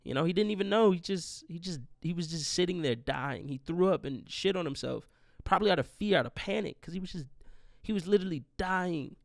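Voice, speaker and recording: Gravelly young man telling a grieving story. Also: high-pitched, lively intonation, fairly quick, no room sound, studio quality. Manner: rambling, profane, grieving storytelling. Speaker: podcast host. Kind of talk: casual monologue.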